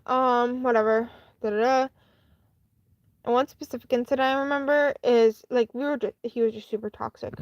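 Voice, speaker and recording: A woman chats on a live stream in a slightly higher voice, rambling through a personal story with plenty of fillers and restarts. The sound is close and dry, with no room echo. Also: steady tone, normal speed, lo-fi sound. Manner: chatty and candid.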